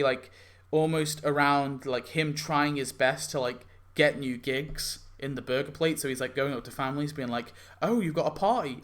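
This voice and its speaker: A young man, a game YouTuber with a mid-range, somewhat bright voice, chats casually about a concept for a mobile game event. He rambles, leaning on "like" and frequently correcting himself.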